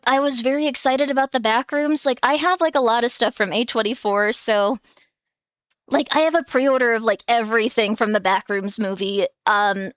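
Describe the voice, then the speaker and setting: A woman's voice: high-pitched, a bit bright, no echo, studio quality. A woman streamer chatting casually from home, rambling with lots of filler words and small laughs. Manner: giggly, breaks into small laughs. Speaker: streamer host. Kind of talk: casual live-stream chat. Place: home room with her cats.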